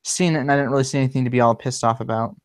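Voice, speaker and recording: Rambling man with a smooth voice. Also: medium pitch, fairly even intonation, very fast. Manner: rambling, many fillers and restarts. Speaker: livestream host. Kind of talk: casual livestream chat.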